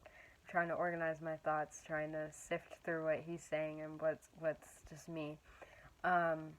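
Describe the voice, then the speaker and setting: A woman's voice: low voice, completely flat delivery, measured pace, poor audio. A young woman talking casually and earnestly about her faith, rambling and searching for words with many fillers. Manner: earnest and encouraging. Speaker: Christian vlogger. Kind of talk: casual faith talk to camera.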